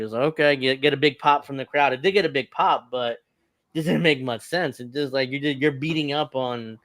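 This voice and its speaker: A man's voice: mid-range voice, steady tone, a little fast, a bit bright, no echo. A man hosting a casual wrestling podcast, recapping a match in a rambling way with chuckles. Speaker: podcast host. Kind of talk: casual wrestling review chat.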